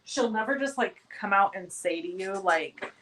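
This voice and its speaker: A woman's voice: medium pitch, expressive, moderate pace, background noise. Chatty woman hosting a live craft stream. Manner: chatty, reacts to viewer comments by name; self-deprecating, talks while working. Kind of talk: live cardmaking tutorial.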